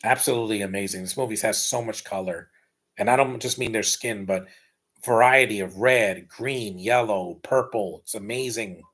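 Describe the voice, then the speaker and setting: A man's voice: lowish voice, normal speed, a bit bright. A man giving casual, blunt and rambling live commentary while rewatching a film. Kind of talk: casual opinionated watch-along commentary.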